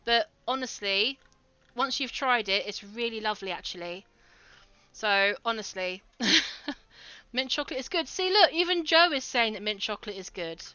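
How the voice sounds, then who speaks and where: A woman's voice: on the high side, expressive, normal speed, bright, forceful tone, smooth, dry recording, dull audio. A woman streaming a game, chatting casually with her viewers and laughing often. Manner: giggly, chatty, talks to chat. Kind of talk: casual livestream commentary.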